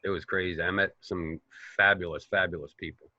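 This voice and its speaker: Actor guest, lower pitch, forceful tone, loose profane anecdotes. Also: male voice, a little fast, no echo, lo-fi sound. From Boston, United States. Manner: animated, profane, rambling storyteller. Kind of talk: casual interview storytelling.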